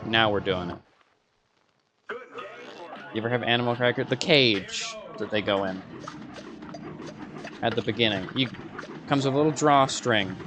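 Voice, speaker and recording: A man giving gameplay commentary, muttering sarcastic asides to himself and breaking into frustrated outbursts. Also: medium pitch. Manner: sarcastic, rambling self-talk while playing. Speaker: gaming video creator.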